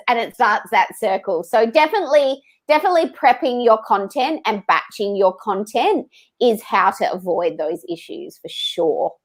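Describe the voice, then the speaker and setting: A woman, a podcast guest explaining Instagram marketing in a lively, emphatic way. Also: mid-range voice. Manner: lively, emphatic, acts out quoted thoughts. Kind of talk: casual interview answers.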